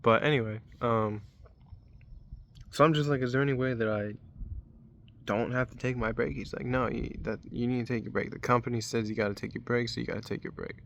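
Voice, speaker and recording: Young man, casual rant, mid-pitched, frustrated, cussing, faint background hiss. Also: fairly even intonation, brisk, gravelly, a bit bright. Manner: rambling, frustrated, swears often. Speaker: vlogger.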